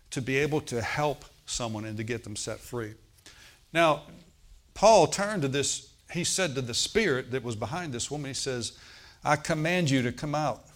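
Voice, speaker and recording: A man delivering a Bible sermon in a relaxed, conversational manner. He reads scripture aloud, then talks it through plainly, often pausing to check in with his listeners. He lifts his voice on emphatic points and drops back down afterwards. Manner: conversational preaching, frequent check-ins with the congregation; rises in pitch and volume on emphatic points, trails off quietly. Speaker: pastor.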